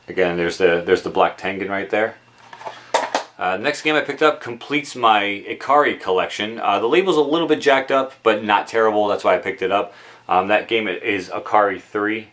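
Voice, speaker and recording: A man with a somewhat low voice chats casually at home in his game room, speaking into a camera mic. His talk is relaxed and rambling, full of ums, uhs and restarts. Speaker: video game collector vlogger. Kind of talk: casual show-and-tell of game purchases.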